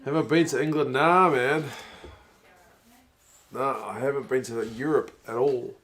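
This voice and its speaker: A relaxed man talks his way through a live stream, reading viewer comments out loud and replying in an easygoing, mid-pitched voice. He chuckles often and gets briefly excited when something happens in the match. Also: a little slow. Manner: relaxed and conversational, with bursts of excitement at plays.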